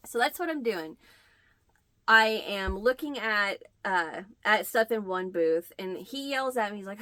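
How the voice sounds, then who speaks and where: A woman's voice: medium pitch, lively intonation, moderate pace, bright, forceful tone, dry recording, studio quality. A middle-aged woman hosting a crochet channel, chatting to the camera and telling a story, acting out the quoted lines. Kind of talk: casual chat to camera.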